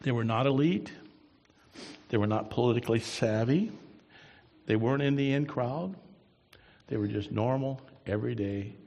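A man preaching a sermon as a pastor, telling stories that swing from soft asides to loud, emphatic bursts, recorded in a church. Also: mid-range voice, normal speed, vocal fry, pauses often, dull audio. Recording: long reverb in a hall.

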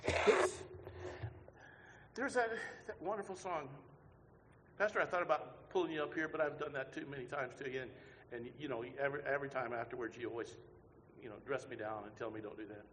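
A man preaching a sermon, moving from quiet musing to loud, shouted passages, and singing a hymn line along the way. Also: mid-range voice, steady tone, brisk, pauses often, slight background noise. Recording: long hall reverb.

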